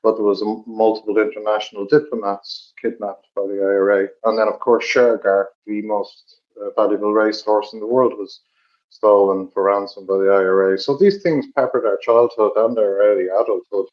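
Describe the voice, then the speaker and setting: A middle-aged man from Dublin with an Irish accent, telling stories in a measured, reflective way with many pauses. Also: fairly low pitch, fairly even intonation. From Ireland. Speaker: podcast co-host. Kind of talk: reflective storytelling chat. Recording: dull lo-fi recording.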